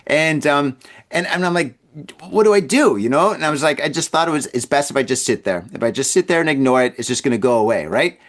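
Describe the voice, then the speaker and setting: A man's voice: medium pitch, animated, quick pace, a bit bright. A man hosting a podcast, telling a long casual story in a rambling way, stammering and repeating his words. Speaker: podcast host.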